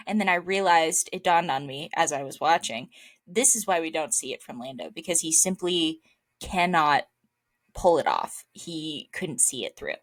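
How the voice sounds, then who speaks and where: A young woman co-hosts a podcast. Her pitch swings widely, and she delivers dry, sarcastic asides in a loose, conversational way. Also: moderate pace. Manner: wry, expressive, sarcastic asides. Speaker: podcast co-host. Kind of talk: casual chat.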